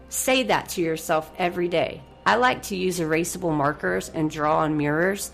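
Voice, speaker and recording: With soft music in the background, a woman speaks at normal speed in a lowish voice with vocal fry and few pauses. On her motivational radio show she leads a guided breathing exercise, cheering listeners on effusively and shifting between soft and excited.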